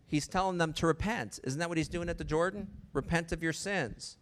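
A man's voice: a little high, brisk, fairly bright tone. A man preaching a sermon in a conversational way, often asking the listeners rhetorical questions.

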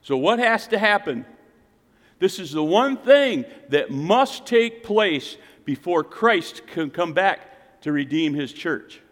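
Male pastor, sermon, slightly high voice, big echoing hall; alternates loud emphatic calls with hushed low asides. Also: big pitch swings, slow pace. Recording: reverberant hall.

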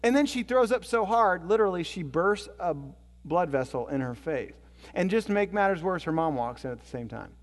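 A man preaching a sermon as a storytelling pastor, swinging from loud, excited passages to hushed, low ones. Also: moderate pace, in a large hall.

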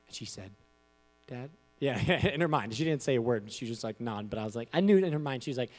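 A man preaching, telling a personal story in a loose, conversational way with frequent asides, swinging from quiet to loud as he acts out what people said. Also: medium pitch, quick pace. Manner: animated, conversational, with frequent "you know" asides. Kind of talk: storytelling sermon.

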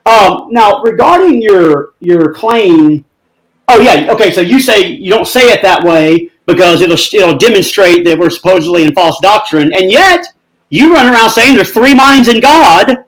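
A man's voice: high voice, expressive, a little slow, poor audio. A man in a debate, giving emphatic, sarcastic rebuttals. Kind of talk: heated debate.

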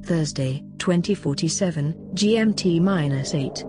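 A woman announcing chapter headings and timestamps for an audiobook in a slow, deliberate, formal manner. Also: fairly low pitch, over music. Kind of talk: reading chapter headings and epigraph.

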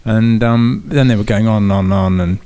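A man's voice: lowish voice, brisk, slight background noise. A man, a racing driver guest, telling a comic anecdote and laughing often as he goes. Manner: laughing often, lively storyteller.

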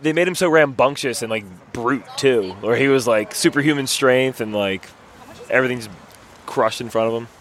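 A man co-hosting a podcast, talking in an easygoing, slightly halting way while outdoors on a city street. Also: mid-range voice, a bit bright, a little hiss or hum. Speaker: podcast co-host. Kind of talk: casual banter.

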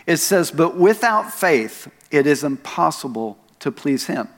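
A man's voice: fairly high pitch, big pitch swings, measured pace, big-room sound. A man preaching a sermon as pastor, telling stories with self-deprecating asides and leaning hard on key words. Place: church sanctuary.

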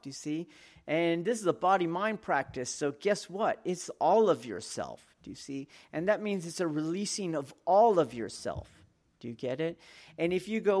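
A man's voice: on the high side, animated, moderate pace, darkish tone. A man giving a martial arts lesson, talking in a rhetorical way and often checking in with his students. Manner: rhetorical, keeps checking in with "okay?" and "do you see?". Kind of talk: teaching talk to students.

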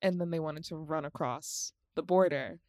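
A woman's voice: low voice, moderate pace, darkish tone, no room sound, clean studio sound. A woman co-hosting a podcast, recapping films in a rambling, casual chat, laughing often and swearing freely. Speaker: podcast co-host.

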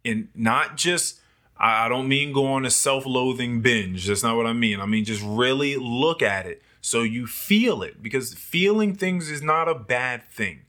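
A man chatting casually on a podcast, lively and self-mocking, often acting out his own past thoughts. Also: mid-range voice, measured pace. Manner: animated, acts out his own past thoughts in quoted voices, laughs often. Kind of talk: casual chat.

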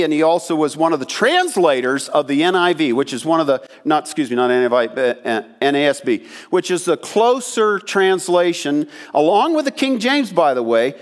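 High-voiced older man preaching. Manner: folksy storytelling with asides to the congregation; acts out quoted voices in the story. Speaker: pastor. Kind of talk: sermon.

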